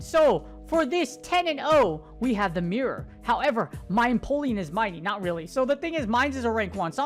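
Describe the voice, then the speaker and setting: A woman with a fairly high voice talks through her matches in casual gameplay commentary. She is excitable and jokey, tossing in casual swearing as she breaks down each play. Faint music runs underneath. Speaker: gaming commentator.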